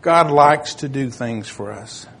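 An older man giving a sermon in a plain, conversational way, reading scripture aloud and pausing to find his verses. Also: medium pitch, expressive, creaky, fairly bright tone. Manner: searches for verses, self-correcting. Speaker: preacher.

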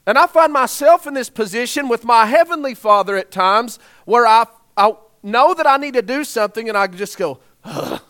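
A man's voice: extremely high pitch, expressive, moderate pace, few pauses, pushed and bright. A man in his thirties or forties preaching a sermon in a conversational way, often putting rhetorical questions to the congregation.

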